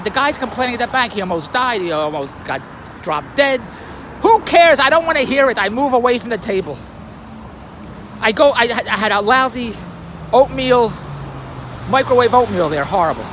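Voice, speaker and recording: High-voiced grumbling man over traffic noise. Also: a bit bright. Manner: wry, grumbling and self-amused. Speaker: vlogger. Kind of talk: rambling casual storytelling. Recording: noisy street traffic behind.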